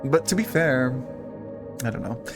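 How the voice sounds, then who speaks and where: A male streamer chats playfully and reads game text aloud in a gravelly voice. His pitch is middling. Soft music plays faintly underneath. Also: lively intonation, measured pace. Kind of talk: casual game livestream chat.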